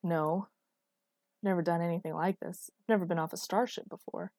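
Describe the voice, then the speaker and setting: A woman's voice: fairly low pitch, fairly even intonation, normal speed, a little mellow, no echo, studio quality, lightly acted. Woman reading as an overwhelmed male major. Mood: distressed. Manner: pleading, anxious questions. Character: stressed male military commander, out of his depth.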